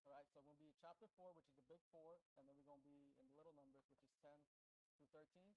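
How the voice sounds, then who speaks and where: Fast-talking casual male preacher. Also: on the high side, fairly even intonation, dark tone, slight background noise, poor audio. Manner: chatty, often asks the congregation "right?". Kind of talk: casual conversational sermon. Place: church sanctuary indoors.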